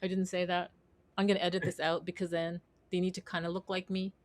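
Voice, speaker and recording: A woman's voice: fairly low pitch, level tone, quick pace. A young woman from Canada hosting a casual livestream chat, bubbly and giggly, rambling between topics. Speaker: host.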